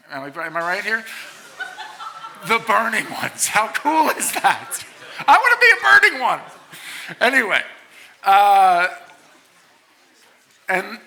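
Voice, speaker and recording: Middle-aged guy preaching to college kids, playful, bright punchy voice, goes from quiet to loud. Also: fairly high pitch. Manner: animated, playful asides, swings from hushed to loud. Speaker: conference speaker. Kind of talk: sermon to college students. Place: large conference hall.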